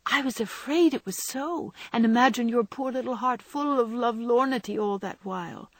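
A woman's voice: fairly high pitch, normal speed, dry recording, pitched above the performer's own voice, natural voice. A woman doing a fierce, passionate young woman. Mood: impassioned. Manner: impassioned and pleading.

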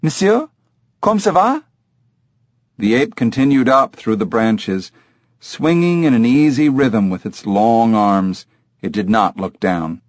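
Man reading a thriller audiobook, slow, lots of pitch movement, dry booth. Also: animated, darkish tone, dry recording. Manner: measured storytelling. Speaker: audiobook narrator. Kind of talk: scripted narration.

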